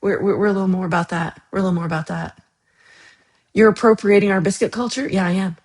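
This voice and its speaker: A woman's voice: mid-range voice, fairly even intonation, quick pace, a little mellow. A woman from Texas hosting a casual livestream, chatting with viewers in a chatty, teasing way with playful outrage. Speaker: livestream host.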